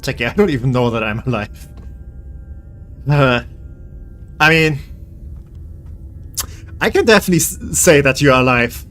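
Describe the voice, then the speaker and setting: A man's voice: medium pitch, moderate pace, pauses often, pushed and bright, faint music behind. A man live-streaming a game, tired and rambling as he jokes with his chat in a self-deprecating way.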